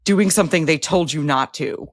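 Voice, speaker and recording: Low-voiced frank woman podcaster. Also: moderate pace, no echo, studio quality. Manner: direct, frank opinions. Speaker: podcast co-host. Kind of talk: casual chat.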